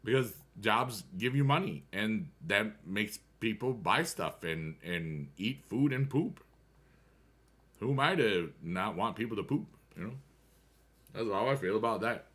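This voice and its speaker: This gaming streamer speaks a little slowly yet expressively, chatting with viewers, hopping between topics and sometimes humming. His pitch is fairly low and his tone a bit bright.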